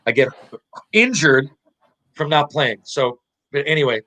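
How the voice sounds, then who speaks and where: A man's voice: on the high side, lively intonation, measured pace, sharp tone, rough recording. A man in his forties, a podcast guest and former hockey player, tells a rambling, profane anecdote full of laughs and restarts. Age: 40s. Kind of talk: casual storytelling.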